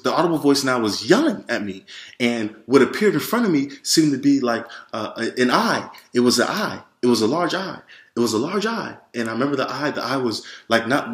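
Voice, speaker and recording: A man telling a personal religious testimony, halting and repeating himself with many restarts. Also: mid-range voice, fairly bright tone, roomy sound.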